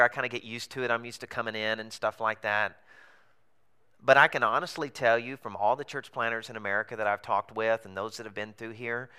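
A man's voice: medium pitch, sharp tone, smooth. A man preaching as a pastor, telling a story in a casual, chatty way with fillers and chuckles, in a theater. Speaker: pastor planting a church. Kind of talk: conversational sermon storytelling. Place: theater in a comedy club.

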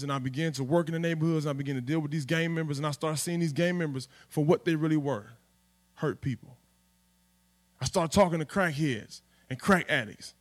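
Man, preacher, street vernacular, loud-to-hushed delivery, slightly high-pitched. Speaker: pastor. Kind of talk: sermon.

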